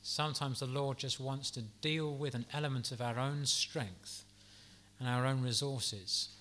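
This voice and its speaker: A man delivers a sermon with a bright, forceful tone. He speaks gently and earnestly, pastoral in manner, and stops now and then to restart a phrase. His pitch sits in an ordinary middle range for a man. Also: steady tone, measured pace, a little hiss or hum. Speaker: preacher.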